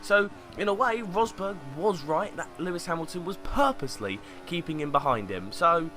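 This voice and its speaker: A man's voice: on the high side, animated, normal speed, music in the background. A young man with a sarcastic, mocking manner, reading out fan tweets and commenting on them in a casual way. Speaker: YouTube commentator.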